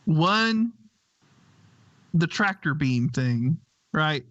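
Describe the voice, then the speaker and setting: A fairly high-pitched man talks very slowly and hesitantly on a livestream. His mic sounds dull and lo-fi, with a dry, close sound. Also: lively intonation, fairly bright tone, no echo. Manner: slow, thoughtful, hesitant with restarts. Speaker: podcast co-host. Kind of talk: casual chat.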